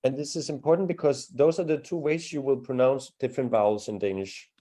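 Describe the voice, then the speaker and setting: A man's voice: medium pitch, brisk, dark tone. A man teaching a live language class, patiently demonstrating sounds and encouraging students.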